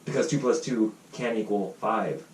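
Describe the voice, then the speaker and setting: A man hosting a casual podcast, telling a heated story fast, quoting others and swearing freely. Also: on the low side, slight background noise. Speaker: podcast host. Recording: roomy, distant mic with faint ambience.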